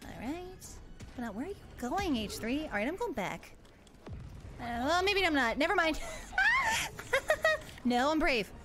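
A woman's voice: sits high, lively intonation, normal speed, fairly bright tone, soft background music. A woman streaming a game, chatting casually with her viewers in a playful, giggly way with mock panic. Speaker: VTuber streamer. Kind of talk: casual gameplay livestream.

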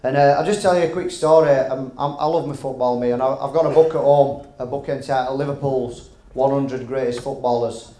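A man's voice: medium pitch, steady tone, a little fast, few pauses, dark tone. A man introducing a guest speaker at a dinner in a hotel function room, chatty and stumbling over his words. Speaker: master of ceremonies. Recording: echoey room with faint noise.

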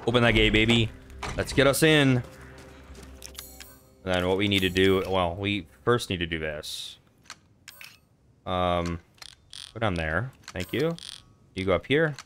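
Male let's-play host, low-pitched, swears freely while narrating his game. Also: lively intonation, a little slow, pauses often, a bit bright, slight background noise. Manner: casual, profane, talks to himself while playing. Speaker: gaming channel host.

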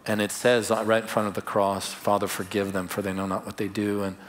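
A man's voice: on the low side, level tone, brisk. A male pastor telling personal stories in a conversational sermon, laughing at times. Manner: conversational, warm storytelling with laughs. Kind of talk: sermon storytelling. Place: church service.

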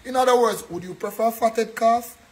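High-voiced pastor preaching. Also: male voice, moderate pace, a little mellow, rough recording. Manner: earnest preaching, keeps checking in with a tag question. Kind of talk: sermon. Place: church.

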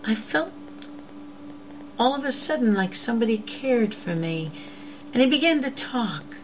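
A woman's voice: a little high, big pitch swings, a little slow, slight background noise, low-quality recording. A woman giving a personal faith testimony, earnest and intimate, often sinking to a whisper and calling listeners "beloveds.". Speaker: host of an inspirational show.

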